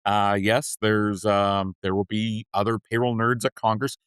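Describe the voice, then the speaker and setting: A man's voice: fairly low pitch, little pitch movement, unhurried, a bit bright, smooth, dry recording. A man guest on a podcast, chatting in an earnest, upbeat way with frequent restarts. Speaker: podcast guest, payroll leader. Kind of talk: casual interview chat.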